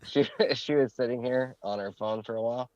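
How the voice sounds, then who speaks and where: A man's voice: medium pitch, normal speed, darkish tone. A man telling a casual story on a podcast in a laid-back manner. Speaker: podcast co-host. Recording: dull, dry lo-fi mic.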